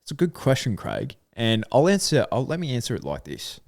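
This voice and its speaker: A man's voice: mid-range voice, wildly swooping pitch, fairly quick, creaky, a little mellow, no echo, clean studio sound. A man with an Australian accent co-hosting a casual horse racing podcast, thinking aloud with plenty of fillers. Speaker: podcast co-host.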